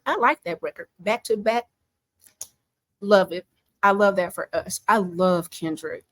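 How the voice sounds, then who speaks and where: A woman gives casual pop culture commentary from home, animated, chatty and full of strong opinions. Her voice is at an everyday middle pitch, with no echo.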